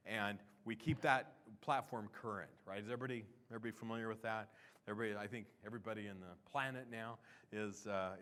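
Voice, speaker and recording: A man of ordinary pitch talks through a product roadmap at a conference session. He keeps it loose and chatty, trailing off and restarting sentences. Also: fairly bright tone. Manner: conversational, with fillers and restarts. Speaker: product presenter. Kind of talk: conference talk.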